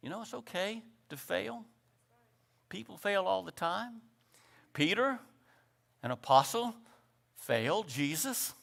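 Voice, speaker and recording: A man preaching a sermon, swinging between loud exhortation and quiet reflection and calling out "Amen" to the congregation. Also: high voice, expressive, slow pace, creaky, long pauses.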